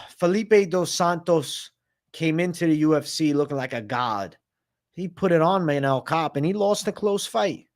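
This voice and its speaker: A man hosting a live stream of fight predictions, talking in a brash, slangy and profane way. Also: on the high side. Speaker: host.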